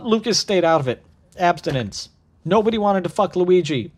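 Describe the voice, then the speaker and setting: A man in his thirties telling a crude comedic story in a deadpan voice, tossing in sarcastic asides. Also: a little high, brisk. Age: 30s. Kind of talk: comedic narrated monologue.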